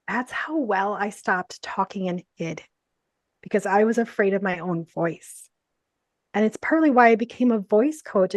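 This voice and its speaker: A woman business coach telling a personal story in a casual interview, animated, laughing often and saying "like" and "you know" a lot. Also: mid-range voice, no room sound.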